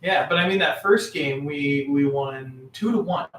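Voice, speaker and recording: A man chatting casually as a podcast co-host, animated and acting out voices in his stories. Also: on the high side, measured pace, roomy sound, distant mic, slight background noise, poor audio. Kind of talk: casual chat.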